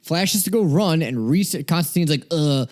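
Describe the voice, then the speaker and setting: A man with a slightly high voice co-hosts a casual comics chat. He rambles, curses freely and often leaves sentences unfinished. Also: expressive, fairly quick, darkish tone. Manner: rambling, swears often, trails off mid-sentence. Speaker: podcast co-host.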